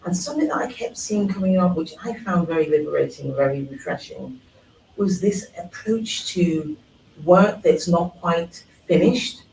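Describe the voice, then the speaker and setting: A man's voice: a little high, lively intonation, moderate pace, gravelly, darkish tone, roomy sound, far from the mic, slight background noise, poor audio. A man from England speaking thoughtfully on a live panel at a forum, with frequent fillers. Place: event hall at a live forum.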